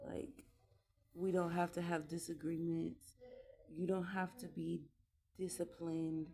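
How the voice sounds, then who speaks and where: Gravelly low-voiced mother, earnest and halting. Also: flat delivery, music in the background. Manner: earnest, halting, with frequent restarts and trailing pauses; candid and heartfelt. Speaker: mother vlogging about parenting. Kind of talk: casual reflective vlog monologue.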